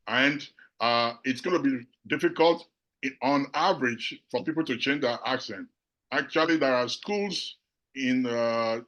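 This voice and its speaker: A middle-aged man from Nigeria with a Nigerian accent, giving a measured, reflective talk to an audience as a panel speaker, pausing often on fillers. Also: medium pitch, a bit bright, low-quality recording. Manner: measured, with frequent filler pauses.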